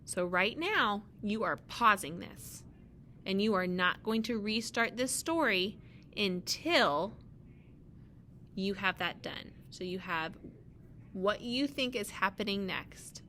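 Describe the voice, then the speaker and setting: A young woman teacher reading a picture book aloud to her students, gently pausing to ask them questions and give instructions. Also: medium pitch, lively intonation, a little hiss or hum.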